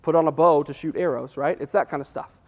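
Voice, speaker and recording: A man preaching a casual sermon, telling the story in a chatty, animated way and acting out the quotes. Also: a little high, fast talker, muffled recording. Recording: long reverb in a hall.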